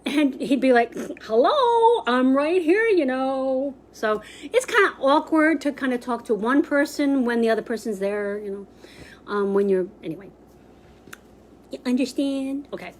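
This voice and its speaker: A woman's voice: on the high side, moderate pace, slight background noise. A woman teaching a sign language class live online, chatty and loose, with lots of fillers, restarts and laughter. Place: library.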